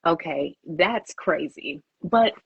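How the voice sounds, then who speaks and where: A woman's voice: low voice, animated, takes it slowly, gravelly, husky, no room sound, muffled recording. A woman who founded a PR agency, answering interview questions with candid storytelling and acting out her own inner thoughts.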